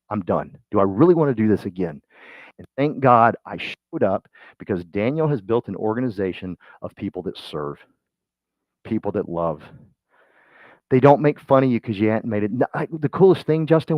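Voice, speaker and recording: A man giving a motivational real estate training talk, folksy and energetic, swinging from loud bursts to quiet asides. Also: lowish voice, no room sound. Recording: dull muffled sound, dry.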